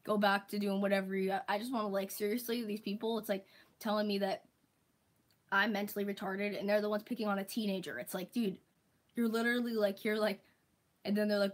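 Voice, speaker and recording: A young woman talks straight to the camera in a casual, mid-pitched rant. She swears freely, packs her sentences with "like", and slips into goofy mocking voices when quoting the people annoying her. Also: fairly even intonation, quick pace, darkish tone, low-quality recording. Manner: exasperated, profane, heavy use of "like", mocking impressions of critics. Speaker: vlogger. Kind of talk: casual ranting monologue.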